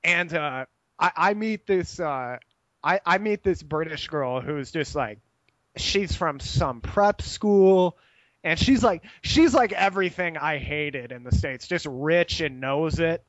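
High-voiced young man, loose and profane raconteur, dry slightly muffled sound. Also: slow pace, no room sound. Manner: animated, profane, laughs while telling stories. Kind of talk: casual storytelling chat.

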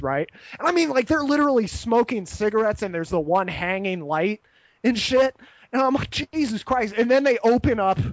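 A high-voiced man rambles through a long story, swearing freely and ending his lines with "right?". He acts out the other people in the story. The sound is dry and a little muffled. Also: no echo. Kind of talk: casual anecdote telling.

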